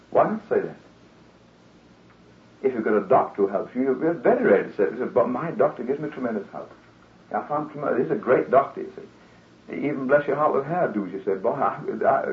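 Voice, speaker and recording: Male preacher from England, conversational radio sermon, plays out the people he quotes; tinny broadcast sound with room echo. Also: medium pitch. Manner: earnest, conversational, acts out quoted voices.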